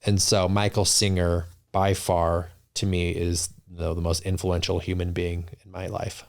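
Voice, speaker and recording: A man's voice: sits low, little pitch movement, moderate pace, gravelly. A man talking as a podcast guest in casual interview chat, earnest and reflective, often restarting his sentences. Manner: earnest, reflective, many restarts and "you know".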